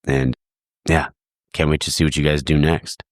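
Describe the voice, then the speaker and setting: A congested, tired man hosting a podcast, giving a relaxed, thankful solo sign-off. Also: rumbling low, moderate pace, no echo, clean studio sound. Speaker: podcast host.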